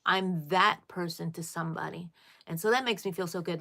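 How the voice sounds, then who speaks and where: A woman's voice: on the low side, steady tone, brisk, creaky, pushed and bright. A middle-aged woman hosting a casual crochet livestream, chatting with viewers, answering their comments and often calling them "people". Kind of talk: casual live chat with viewers.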